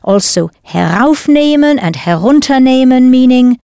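Woman language teacher, slow and deliberate, animated intonation, dry studio sound. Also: sits high, gravelly, smooth, dry recording. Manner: slow, careful enunciation with prompting questions. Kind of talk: scripted language lesson.

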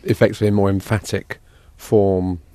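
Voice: low voice, little pitch movement, moderate pace, mellow, dry recording. A student in a language lesson, asking inquisitive follow-up questions.

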